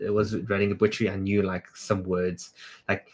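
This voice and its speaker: Low-voiced man chatting on a livestream. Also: level tone, moderate pace, darkish tone. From South Africa. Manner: chatty, greets viewers and answers their comments off the cuff. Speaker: creative director hosting a livestream. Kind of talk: casual livestream chat.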